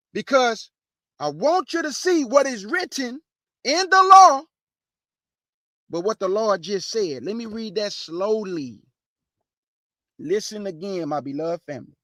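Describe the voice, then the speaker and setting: A woman's voice: on the high side, dry recording. Plain-spoken woman teaching scripture, dry sound. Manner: reads verses slowly and firmly, breaks in with pointed rhetorical questions; casual, plain-spoken, addresses listeners as "y'all". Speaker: host and Bible teacher.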